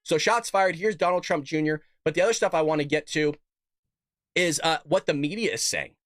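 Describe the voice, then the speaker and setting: A man's voice: on the high side, brisk, fairly bright tone, no echo, studio quality. A man hosting a political commentary show, combative and emphatic, talking straight to his viewers and reading out quotes. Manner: reads out quotes and tweets.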